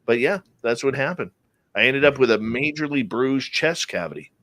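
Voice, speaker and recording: Male talk radio host, dry close sound, lively storyteller. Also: medium pitch, moderate pace, dry recording. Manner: animated storyteller who acts out quoted speech. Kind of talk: casual interview talk.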